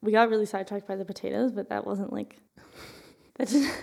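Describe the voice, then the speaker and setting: Gravelly-voiced woman explaining casually. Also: mid-range voice, steady tone, a little fast, warm tone. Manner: rambling, searching for words. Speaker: podcast co-host.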